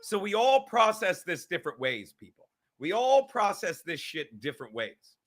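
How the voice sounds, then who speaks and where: A middle-aged man hosting his own show, ranting in a loud, profane, excitable comedic monologue. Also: high voice, normal speed. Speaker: podcast host.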